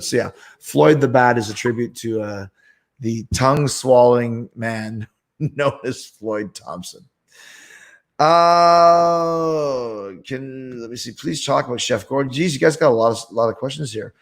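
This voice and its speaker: Profane storytelling male host. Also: mid-range voice. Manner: animated, profane anecdote telling. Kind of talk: casual storytelling.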